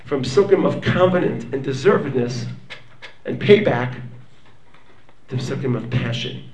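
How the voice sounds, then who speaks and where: A man teaching a lively Torah class, dramatic in his delivery, swinging from low murmurs up to near-shouts. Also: unhurried, roomy sound, far from the mic, a little hiss or hum. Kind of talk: animated Torah lecture.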